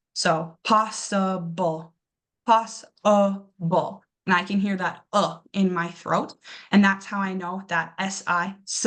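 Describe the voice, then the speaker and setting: A young woman teaching an English lesson, talking with fillers and encouragement and slowly drawing out words to model their pronunciation. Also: lowish voice, fairly bright tone. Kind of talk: classroom lesson explaining pronunciation.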